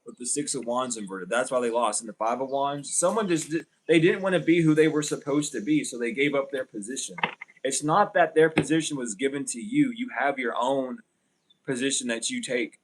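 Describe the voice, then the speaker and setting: Male tarot reader for a live stream, mid-pitched, loose and rambling, blunt, filler-heavy delivery. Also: fairly quick. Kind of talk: casual livestream tarot reading.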